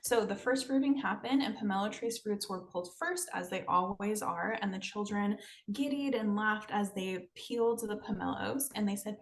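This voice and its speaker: A woman hosting a podcast, telling a folktale in a relaxed, casual way with frequent hesitations. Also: medium pitch, normal speed. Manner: relaxed, hesitant, with many ums. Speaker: podcast host. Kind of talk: storytelling in casual chat.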